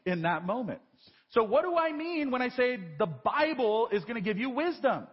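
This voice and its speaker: A male preacher in his thirties with a high, lively voice that has a husky edge, delivering a conversational, self-deprecating sermon. His voice carries a long reverb from a large church. The live broadcast sound is dull and muffled. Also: a little slow.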